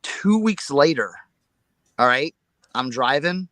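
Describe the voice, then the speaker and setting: A man co-hosting a casual live chat, telling a story in an excitable, rambling way and repeating his words. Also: fairly high pitch, slow, no echo. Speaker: reseller show co-host.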